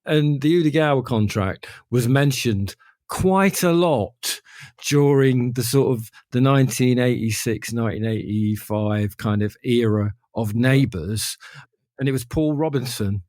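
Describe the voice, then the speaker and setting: Dry-sounding podcast co-host, musing. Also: male voice, medium pitch, unhurried, a little mellow, no echo. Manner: musing, rambling. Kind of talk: casual chat.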